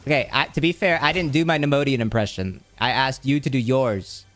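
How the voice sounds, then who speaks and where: A young man hosting a casual gaming livestream. He rambles and jokes with chat, with sudden excited outbursts. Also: medium pitch, brisk, dry recording, soft background music. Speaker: livestream host.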